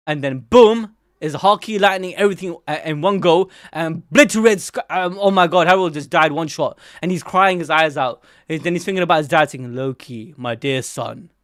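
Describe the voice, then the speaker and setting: A young man hosting an anime channel, reacting live to a manga chapter in an excitable, slangy, exclamatory way. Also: a little high, no room sound, clean studio sound.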